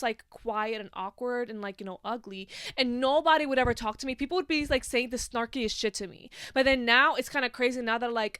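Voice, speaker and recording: A young woman hosts a casual solo podcast in a bright, smooth, clear voice pitched slightly high. She's passionate and profane, leaning heavily on "like" and "you know." The recording is dry and close, with no room sound at all.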